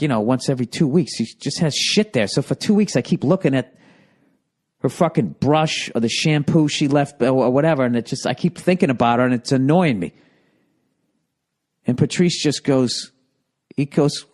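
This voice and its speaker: A man hosting a podcast, telling profane, rambling stories in a casual monologue. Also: medium pitch. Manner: profane, rambling, animated storytelling. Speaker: podcast host.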